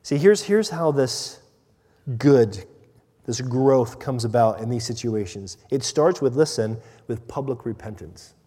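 A man preaching a sermon as pastor, earnest, dropping to a quiet hush on key points. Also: medium pitch, lively intonation, a little slow. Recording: long hall reverb.

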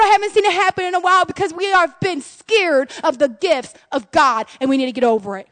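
High-voiced woman pastor, fervent sermon. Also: animated, a little fast, hardly any pauses. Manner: impassioned, swings from loud cries to hushed tones.

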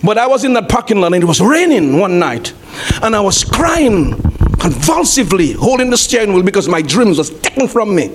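A man preaching a sermon as pastor, repeating his phrases, calling to the congregation and rising to shouts. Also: high-pitched, big pitch swings, a little fast, a little hiss or hum. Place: church.

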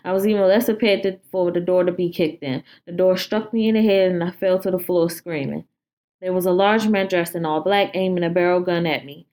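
Low-voiced woman reading a horror story. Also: a little fast, darkish tone. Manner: informal, stumbles and swears while reading.

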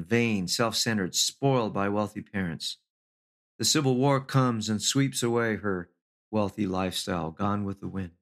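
A middle-aged man giving an inspirational speech to an audience. He talks in measured, slow lists, lifts his pitch for emphasis and drops in the odd wry aside. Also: fairly bright tone. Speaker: motivational speaker.

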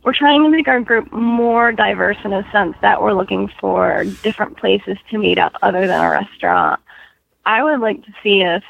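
Brief: young woman in her twenties, short of breath, gravelly fry, dull lo-fi sound. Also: mid-range voice, normal speed, dry recording. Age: 20s. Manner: chatty, laughs often, restarts. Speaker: guest author. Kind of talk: casual podcast interview. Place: home in Florida. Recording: dull lo-fi audio.

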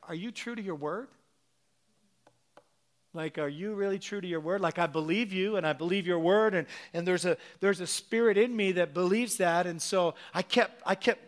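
A middle-aged man preaching a sermon, animated and telling a personal story with acted-out quotes. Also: high-pitched.

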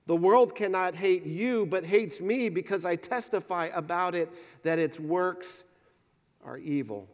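A male preacher voicing Jesus as a calm teacher in a sermon, speaking in an earnest, measured cadence. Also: high voice, big-room sound. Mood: solemn.

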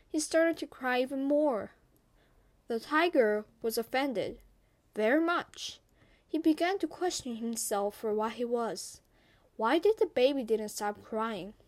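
Slow expressive woman reading a folktale. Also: fairly high pitch. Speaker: storyteller.

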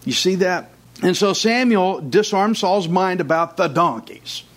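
A man's voice: sits high, expressive, measured pace. A man preaching a sermon as pastor, conversational, with jokes and asides to the congregation. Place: church.

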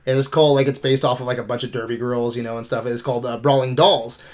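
A man's voice: medium pitch, fairly even intonation, fast. A man hosting a casual, laid-back movie podcast chat, swearing and laughing often. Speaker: podcast host.

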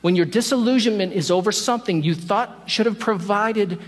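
A man preaching a sermon, telling a story in an animated way and acting out the lines of the people in it. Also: high voice, normal speed. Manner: storytelling, animated, acts out quotes. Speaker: pastor. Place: church sanctuary. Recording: long hall reverb.

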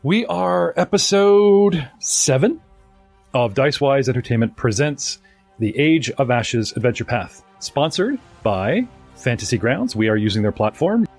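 Chatty upbeat game master. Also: male voice, medium pitch, very animated, normal speed, a little mellow, slightly rough, soft background music. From North America. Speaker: game master and podcast host. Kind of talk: live-streamed tabletop game intro.

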